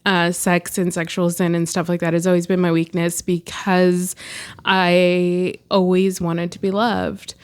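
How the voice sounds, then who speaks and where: A woman's voice: lowish voice, flat delivery, measured pace, a little mellow, clear, resonant tone. Candid woman sharing her testimony. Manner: open, frequent laughs and fillers. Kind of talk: candid personal testimony in conversation. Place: studio interview in Fresno.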